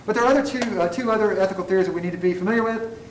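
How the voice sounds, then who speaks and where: A man lectures on ethics to a classroom, wandering into tangents and making fun of himself along the way. His fairly high voice carries through an echoey room, picked up by a mic set well back. A faint hum of room noise sits underneath. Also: very fast, distant mic. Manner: digressive, self-deprecating humor. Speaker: college ethics instructor.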